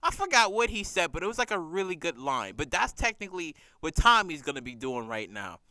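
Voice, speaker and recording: A man recapping a TV episode in casual, profane chat, animated and laughing as he acts out scenes. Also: a little high, fairly quick, no room sound.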